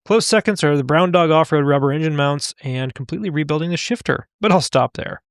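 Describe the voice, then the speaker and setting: Man, podcast co-host, playful reading, somewhat high pitch, gravelly, dry sound. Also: fairly quick, no echo. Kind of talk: casual podcast chat.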